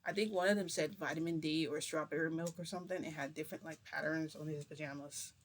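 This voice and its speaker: A woman's voice: low voice, fairly even intonation, fast talker. Rambling, chatty woman vlogger. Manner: rambling, chatty, many fillers and restarts. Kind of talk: casual storytelling.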